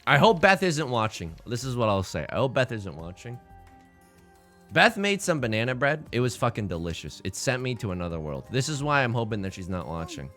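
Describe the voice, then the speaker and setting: Male streamer, casual game commentary, rambling jokes, bright sharp tone, faint music behind. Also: medium pitch, very animated, fast, hardly any pauses. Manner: jokey, rambling, repeats his own phrases; greets chat by name mid-sentence. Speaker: live streamer.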